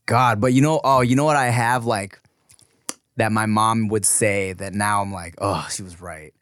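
A man's voice: on the low side, measured pace, a bit bright, no room sound. A man co-hosting a casual podcast, a father who acts out voices as he tells stories. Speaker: podcast co-host. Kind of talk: casual chat.

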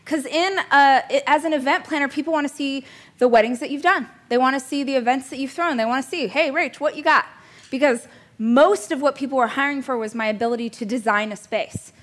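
A woman's voice: high-pitched, a little fast, fairly bright tone. A woman in her thirties teaching a business coaching class in a chatty, joking way, laughing at herself now and then. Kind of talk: casual coaching class talk.

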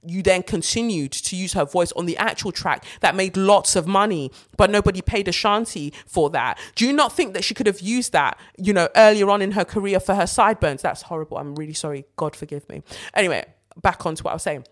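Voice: medium pitch, brisk. A host giving blunt, sarcastic, profane celebrity gossip commentary in a ranting style.

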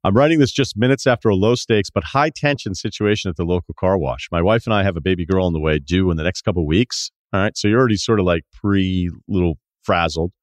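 Deep voiced guy hosting a podcast, reading listener mail with dry little jokes, very dead studio sound. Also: fast talker, hardly any pauses, no room sound. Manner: wry, conversational, reads listener email aloud with asides. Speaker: podcast host. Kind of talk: casual podcast talk, reading listener emails.

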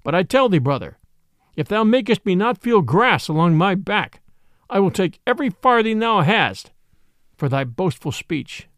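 A merry, proud outlaw chief from a storybook, as a male narrator voices him, declaiming boldly. The voice is high with wide pitch swings, in a dry, close recording. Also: very animated, normal speed, fairly bright tone, no room sound.

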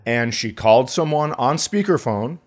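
A man co-hosting a comedy podcast, telling a profane travel story with loud impressions. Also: medium pitch, expressive, moderate pace. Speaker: podcast co-host.

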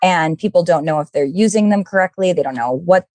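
A woman with a lowish voice hosts a casual podcast. She talks in an effusive, chatty way, laughs often and drops the odd swear word. Her voice sits close and dry on the mic. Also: fairly quick, darkish tone, dry recording. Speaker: podcast host.

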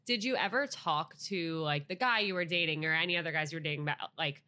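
A woman's voice: low-pitched, fast, sharp tone. A woman hosting a podcast, asking questions in casual chat and reacting to her guest's story. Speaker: podcast host.

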